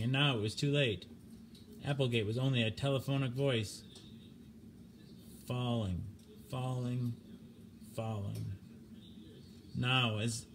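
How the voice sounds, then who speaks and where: A man narrates a science fiction short story in a measured, grave voice of ordinary pitch. He reads steadily, like a home audiobook recording, with a soft hiss of noise underneath.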